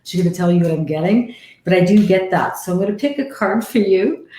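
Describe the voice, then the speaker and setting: A woman from Canada, a psychic medium hosting a live-stream card reading, chatty and animated, with frequent laughter. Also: on the low side, a little fast, reverberant.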